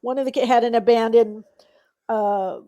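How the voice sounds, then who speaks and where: A woman hosting an interview, chatting casually with quick affirming interjections. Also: on the high side, fairly even intonation, mellow, no room sound. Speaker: host.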